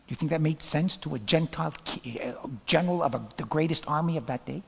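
A man preaching a sermon as pastor, telling stories dramatically and swinging from loud bursts to whispers. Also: fairly high pitch, quick pace, vocal fry, hardly any pauses, slightly rough, in a large hall.

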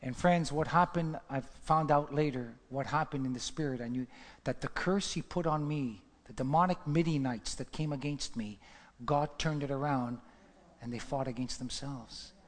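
A man's voice: mid-range voice, moderate pace. A man preaching a sermon, telling his testimony as a dramatic story and building to fervent emphasis. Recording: long reverb of a large hall.

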